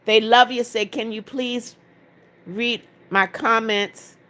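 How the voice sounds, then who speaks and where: A woman hosting a casual livestream, her voice sitting a little high as she reads viewer comments aloud one after another. She answers them in a firm, direct way and slips into short prayers when viewers ask for them. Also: fairly even intonation, slow, pushed and bright. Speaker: livestream host.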